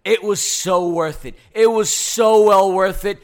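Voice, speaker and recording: A man co-hosting a sports podcast, hoarse and playful, riffing dramatically. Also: high voice, unhurried. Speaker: podcast co-host. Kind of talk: casual sports podcast chat.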